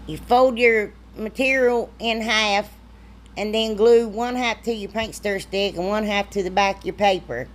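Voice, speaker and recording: A woman's voice: mid-range voice, a little slow. Woman, chatty, drawling, self-deprecating, middle-aged, casual DIY voice-over. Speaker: craft vlogger. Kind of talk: casual crafting tutorial voice-over.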